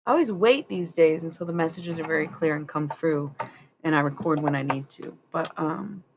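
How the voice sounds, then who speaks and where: A woman's voice: low-pitched, normal speed, background noise. A woman chatting casually on a live stream, rambling and candid, swearing freely. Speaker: livestreamer.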